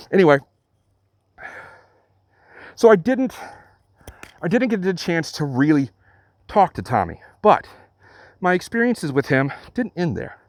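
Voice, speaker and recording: A man's voice: fairly high pitch, very animated, no echo. Earnest man retelling a story. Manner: earnest, halting retelling with many restarts. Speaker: channel host. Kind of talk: storytelling vlog.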